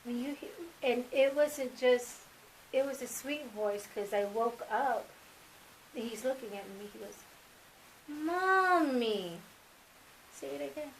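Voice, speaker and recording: Lively, slightly high-voiced woman telling stories. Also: moderate pace, slight background noise, low-quality recording. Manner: animated, acts out remembered dialogue. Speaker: interview guest, mother. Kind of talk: casual sit-down interview storytelling.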